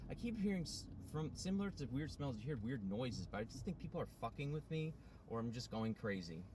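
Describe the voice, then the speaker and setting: Man vlogger, mid-pitch, casual storyteller who swears a lot and keeps circling back, with a faint hum of a vehicle in the background. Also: sing-song, brisk. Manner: rambling, profane, many restarts and fillers. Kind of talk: rambling personal storytelling.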